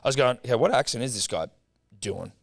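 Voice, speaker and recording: A man's voice: medium pitch, expressive, fast talker, gravelly, no echo. A man co-hosting a sports podcast, chatting casually with a wry, sarcastic edge. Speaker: podcast co-host. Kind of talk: casual chat.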